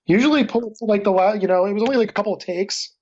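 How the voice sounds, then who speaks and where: Halting man on dull lo-fi audio. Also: sits high, darkish tone. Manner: halting, many restarts and fillers. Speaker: guest comic creator. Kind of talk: casual interview answers.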